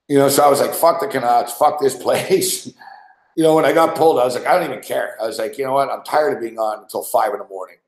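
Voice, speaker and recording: A man hosting a podcast, telling a rambling, profane story in casual chat and laughing often. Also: mid-range voice. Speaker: podcast host. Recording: roomy echo.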